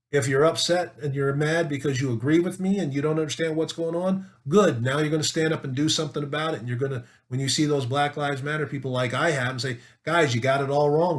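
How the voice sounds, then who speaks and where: Emphatic man arguing his point. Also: fairly high pitch. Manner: emphatic, repeats words, rhetorical questions. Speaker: political commentator. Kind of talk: opinion monologue to camera.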